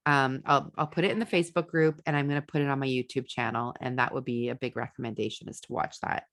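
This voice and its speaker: A woman's voice: very deep voice, fast. A woman hosting a podcast, giving casual parenting advice with fillers and restarts, acting out venting voices. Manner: animated, acts out venting voices. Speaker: podcast host and ADHD parenting coach.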